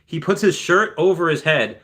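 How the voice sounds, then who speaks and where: A man's voice: fairly high pitch, expressive, normal speed, fairly bright tone. A young man hosting a casual livestream, rambling with many fillers and restarts while reading viewer chat aloud. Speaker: livestream host.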